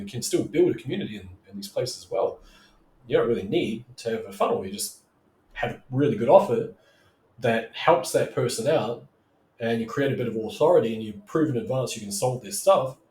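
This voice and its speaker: A man's voice: mid-range voice, darkish tone, reverberant, poor audio. A man coaching on online marketing in a loose, chatty monologue, often checking in with "right?" and acting out what customers might say. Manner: loose and chatty, keeps asking "right?", acts out customers' voices. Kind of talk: casual teaching monologue.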